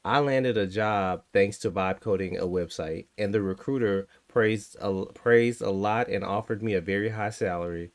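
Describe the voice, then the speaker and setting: A man's voice: fairly low pitch, moderate pace, hardly any pauses. A man in his thirties chatting casually with his stream viewers while coding, with a teasing, sarcastic manner that drifts into thinking aloud. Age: 30s. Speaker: coding streamer talking to chat.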